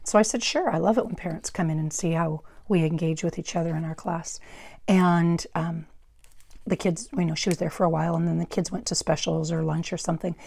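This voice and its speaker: Chatty middle-aged woman, loud and dry. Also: on the low side, fairly even intonation, brisk, creaky, husky, no room sound. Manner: rambling, friendly, with asides and self-corrections; naturally loud speaking voice. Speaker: craft tutorial host. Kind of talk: chatty step-by-step craft demonstration. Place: indoors at a craft workstation. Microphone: wearable microphone.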